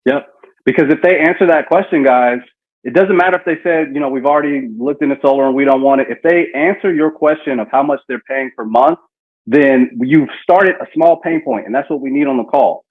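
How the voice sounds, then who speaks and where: A man's voice: medium pitch, brisk. A man running a live sales training session, coaching a team on cold-call lines and acting out example phone talk. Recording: tinny phone-like call audio.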